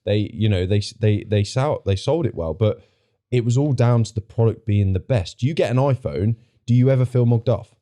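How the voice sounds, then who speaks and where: Opinionated male podcast guest, lowish warm voice, emphatic delivery. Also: normal speed. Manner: emphatic, opinionated, repeats himself. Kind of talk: casual podcast chat.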